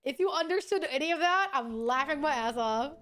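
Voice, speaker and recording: A woman streaming a horror game and joking with friends on a call, swearing freely and laughing loudly. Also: sits high, lively intonation, a little fast, very noisy. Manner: profane, joking, loud laughs. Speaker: VTuber streamer. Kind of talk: casual gaming stream chat.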